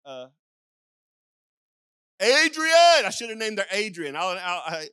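A man's voice: high-pitched, a little fast, bright, forceful tone, smooth, no echo. An older man preaching a sermon in a folksy, rambling storytelling way, acting out calls and sheep sounds with frequent restarts and asides. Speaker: pastor.

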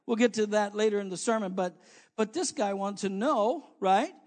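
A man preaching a sermon, dropping to quiet asides and then rising to loud exhortation as he calls on the congregation, with many fillers and restarts. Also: high voice, moderate pace. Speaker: pastor.

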